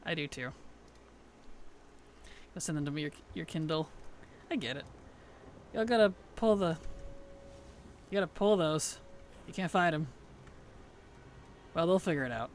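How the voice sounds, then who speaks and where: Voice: medium pitch, expressive, measured pace, long pauses, a little hiss or hum. Chatty streamer who laughs a lot. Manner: chatty, laughs often, reads chat aloud. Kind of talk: casual gaming stream chat.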